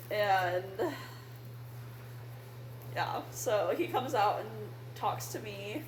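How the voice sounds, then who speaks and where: A young woman casually telling a family story alongside her husband, chatty and quick to laugh. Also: medium pitch. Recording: echoey room with faint noise.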